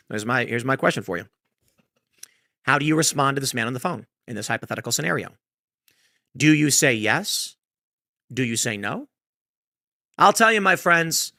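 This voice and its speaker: A man giving a motivational monologue about earning money, telling stories and acting out quick voices in a hypothetical. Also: a little high, sharp tone, no room sound, clean studio sound. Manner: storytelling, acts out voices in hypotheticals. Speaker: online commentator. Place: played clip.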